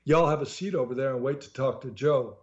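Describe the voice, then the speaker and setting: A man voicing a pale, lanky, laconic clerk who mutters flatly. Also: medium pitch, brisk, lo-fi sound, close to an everyday voice. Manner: mutters in flat, few words.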